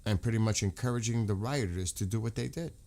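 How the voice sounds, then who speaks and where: A man's voice: fairly low pitch, fast talker, darkish tone. Heated American man ranting on a livestream. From United States. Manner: heated, repetitive, swearing. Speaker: livestream host. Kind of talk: casual livestream talk.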